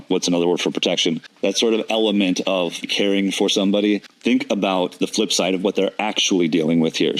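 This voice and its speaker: A man's voice: sits low, rough recording. A man giving methodical commentary on an interview clip, breaking down word choices and repeating his points. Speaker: deception analysis commentator.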